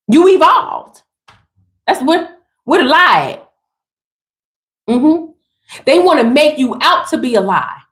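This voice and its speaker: A woman's voice: sits high, a bit bright, echoey room. A woman giving an emphatic, sassy motivational spiritual talk straight to her listeners.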